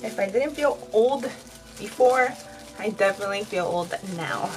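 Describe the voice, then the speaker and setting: A woman in her thirties, a vlogger, chats candidly with her viewers while dyeing her hair, filling her talk with fillers and turning tearful at times. Her mid-range voice is animated and a little mellow, moving at a normal speed. Soft music plays behind her on a rough recording.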